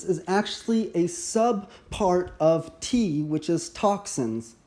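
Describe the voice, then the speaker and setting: Mellow-voiced man teaching a medical overview. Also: high voice. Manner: measured, explanatory, occasional restarts. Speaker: medical educator.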